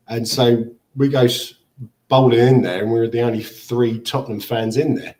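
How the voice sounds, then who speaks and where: A man's voice: medium pitch, steady tone, moderate pace, a little mellow, recorded from a distance, poor audio. A man telling rambling anecdotes on a podcast, chuckling as he goes. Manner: rambling storyteller, chuckles often. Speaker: podcast panelist.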